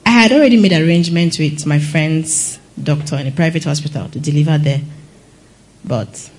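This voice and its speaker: A woman's voice: deep voice, moderate pace, a little mellow, breathy edge, low-quality recording. A young woman giving a personal testimony, telling her story earnestly and acting out what others said. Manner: earnest storytelling with acted quotes. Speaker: testimony speaker.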